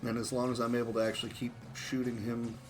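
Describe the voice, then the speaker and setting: A man's voice: medium pitch, level tone, quick pace. A man giving casual, self-mocking commentary on his own speedrun of a shooter game, chuckling often.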